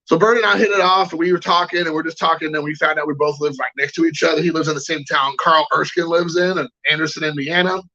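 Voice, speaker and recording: High, gravelly man telling a story. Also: steady tone, fast, few pauses, sharp tone, lo-fi sound. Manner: rambling, chatty, greets chat viewers. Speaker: card collecting show host. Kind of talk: casual anecdotal storytelling.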